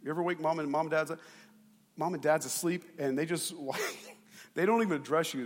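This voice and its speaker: A male pastor preaching a sermon in a playful, animated way, acting out voices. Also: fairly high pitch, a little fast, long pauses, in a large hall, a little hiss or hum.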